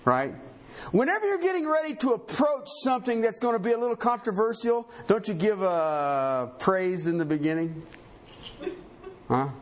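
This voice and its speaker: A man preaching a sermon with a lot of passion. His voice sits high and swings widely up and down as he drives his points home. He keeps checking in with the congregation. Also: normal speed. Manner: animated, emphatic, repeats "okay?" to the congregation. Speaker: pastor.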